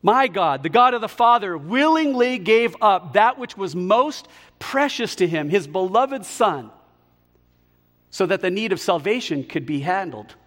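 A man preaching a sermon, emphatic and slowing down on key words, in a large hall. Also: high-pitched, big pitch swings, a bit bright. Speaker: pastor.

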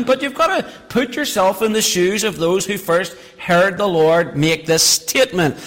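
High-voiced preacher in a reverberant hall. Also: male voice, fairly bright tone. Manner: reads scripture then explains it with emphatic repetition. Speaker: pastor. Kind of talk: sermon with scripture reading.

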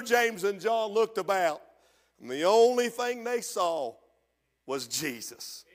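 High-voiced shouting preacher in a hall. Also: male voice. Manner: preaching with shouted peaks and drawn-out quotes. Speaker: pastor. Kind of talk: sermon.

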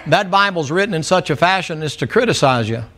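A man's voice: on the high side, animated, fairly quick, a crowd in the background. Blunt folksy preacher man. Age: middle-aged. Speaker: pastor. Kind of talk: sermon. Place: church.

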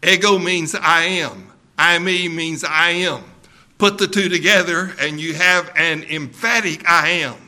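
Male pastor, sermon delivery; slow, deliberate, bright and forceful tone, emphatic repeats. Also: a little high.

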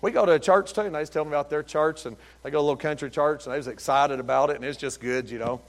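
A middle-aged preacher with a slightly high, gravelly voice. He tells folksy, joking stories from the pulpit and keeps the sermon light and lively. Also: racing. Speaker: pastor.

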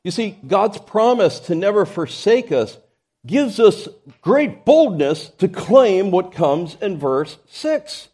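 Mellow-voiced male preacher. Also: sits high, big pitch swings, takes it slowly, husky. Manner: preaching with rising emphasis and frequent restarts. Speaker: pastor. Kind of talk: sermon.

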